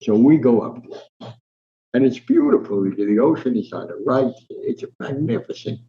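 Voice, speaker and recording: A man's voice: medium pitch, expressive, normal speed. A man in his nineties from New Jersey, a guest in an interview telling rambling, vivid anecdotes with frequent restarts. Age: 90s. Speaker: guest, veteran sports columnist. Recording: dull lo-fi sound.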